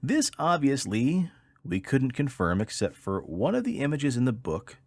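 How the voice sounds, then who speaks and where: A man hosting a podcast, narrating a story from his research in a measured storytelling manner. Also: medium pitch, huge pitch swings, no room sound, studio quality. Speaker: podcast host.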